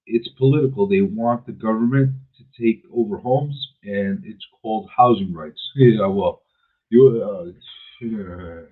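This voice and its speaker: Radio host, male, husky voice on a tinny phone-like line, opinionated and emphatic. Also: on the low side, measured pace. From New York City. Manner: emphatic, repetitive, restarts mid-sentence. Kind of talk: opinionated talk radio monologue.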